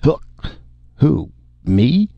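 A man with a deep, gravelly voice voicing a drunk male spacer, loud, slurring and rambling, on a dull lo-fi recording. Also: animated, normal speed, dry recording. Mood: giggly. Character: drunk, boisterous male spacer just back to Earth.

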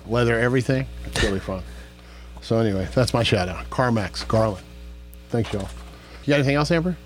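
A man co-hosting a podcast, talking in a chatty, animated way with quoted voices. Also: mid-range voice, brisk, music in the background. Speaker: podcast co-host. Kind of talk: casual chat.

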